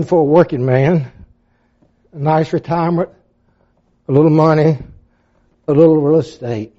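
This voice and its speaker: An older man preaching a sermon, dropping to a hush and then rising to impassioned, pleading peaks. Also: a little high. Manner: dramatic, swinging from hushed to impassioned. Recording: dull lo-fi sound.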